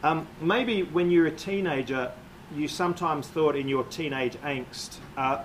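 A man preaching a sermon, with a voice pitched a little above average. He talks in a measured, explanatory way, pausing on "uh" and "um". A faint hiss of noise sits under the voice. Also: rough recording. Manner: measured, explanatory, frequent "uh" and "um" fillers.

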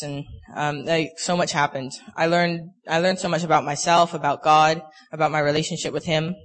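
Young man, slightly higher voice, earnest and halting, sharing a faith testimony. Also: fairly bright tone. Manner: earnest, halting, full of "you know" fillers. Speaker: speaker sharing a personal testimony.

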